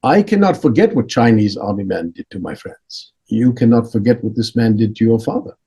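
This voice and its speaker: A gentle elderly monk, as a man puts him on, speaks in slow, halting broken English with calm authority. The voice sits a little higher than the speaker's own and carries a soft, husky breath. Each phrase is weighed and unhurried. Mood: teaching. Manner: calm, measured teaching tone. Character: serene elderly male monk, gentle and wise.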